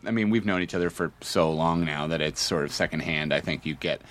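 Deep-voiced man with dry teasing humor. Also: brisk, a bit bright. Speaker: filmmaker guest. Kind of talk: casual podcast chat.

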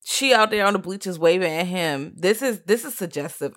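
A podcast co-host rants bluntly about a movie, swearing freely. The voice sits at a middle pitch. It is recorded dry, with no room sound. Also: animated, a little fast, fairly bright tone, no room sound. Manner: blunt, ranting and profane. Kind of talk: casual film-review chat.

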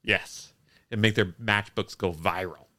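Low, bright and crisp man. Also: steady tone, unhurried. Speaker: podcast co-host. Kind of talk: casual movie review chat.

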